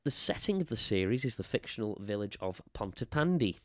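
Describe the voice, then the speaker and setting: A man's voice: fairly low pitch, sing-song, fairly quick, bright, forceful tone, dry recording, studio quality. A man co-hosting a podcast, chatting casually and laughing often. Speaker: podcast co-host. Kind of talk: casual chat.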